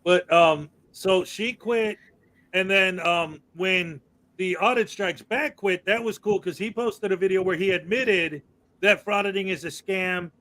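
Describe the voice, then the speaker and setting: Guy hosting a chat show, high bright voice, laid back, keeps hyping up the guest. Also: unhurried. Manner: easygoing, encouraging. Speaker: host. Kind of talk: casual podcast chat.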